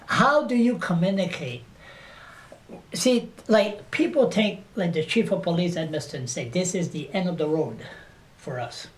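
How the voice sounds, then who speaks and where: A man's voice: high voice, lively intonation, unhurried. Blunt, sarcastic man interviewing. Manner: blunt and sarcastic, laughs at his own jokes. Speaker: interviewer and activist. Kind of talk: casual interview.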